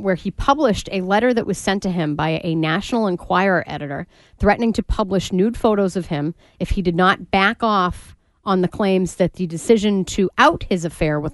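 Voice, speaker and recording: A woman's voice: on the low side, dry recording. A woman co-hosting a talk radio show, chatting casually and playfully with jokey banter. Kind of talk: casual chat.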